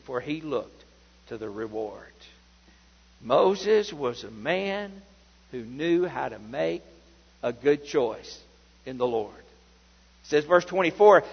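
High-voiced gravelly preacher in a big hall. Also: male voice. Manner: fervent preaching, rising and falling between loud exclamations and quiet asides. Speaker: pastor. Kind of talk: sermon. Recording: dull sound with long hall reverb.

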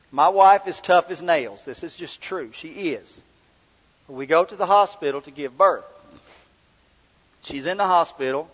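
A middle-aged preacher tells a story from the pulpit, folksy and conversational, his voice sitting a little high for a man. The sound is dull, and his words linger in a long church reverb. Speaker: pastor. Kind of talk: sermon with personal storytelling.

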